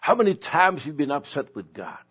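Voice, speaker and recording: An older male pastor preaching a sermon slowly and emotionally, dropping to soft tones for stress. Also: fairly high pitch, big pitch swings, slightly rough. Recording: dull lo-fi recording.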